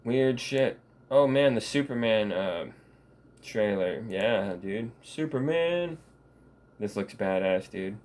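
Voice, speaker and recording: A man with a somewhat low voice talks in a loose, rambling vlog monologue. He swears constantly and laughs often while he talks. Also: lively intonation, slow, a little mellow. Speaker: vlogger.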